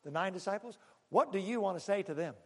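In a large, echoing hall with long reverb, a pastor preaches at a quick pace in a slightly rough, high-for-a-man voice. His delivery is animated, lurching from loud bursts to hushed asides.

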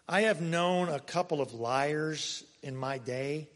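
A pastor delivering a conversational sermon, swinging between loud emphasis and soft, quiet asides. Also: male voice, a little high, moderate pace, hardly any pauses. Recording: long hall reverb.

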